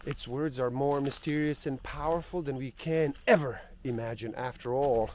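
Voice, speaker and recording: A man narrating spiritual stories and reflections in an earnest, sometimes softly dropping voice. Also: medium pitch, moderate pace, slight background noise. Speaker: storyteller and spiritual speaker.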